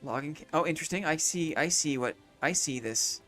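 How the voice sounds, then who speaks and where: A man's voice: fairly high pitch, a little fast, fairly bright tone, faint music behind. A man streaming a city-building game, thinking aloud in casual commentary, repeating his own phrases and chatting to viewers between moves.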